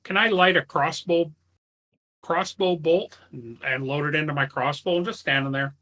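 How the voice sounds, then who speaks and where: Eager, bright-voiced male player. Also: on the high side, normal speed, rough recording. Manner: eager, asking questions. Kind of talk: tabletop game play.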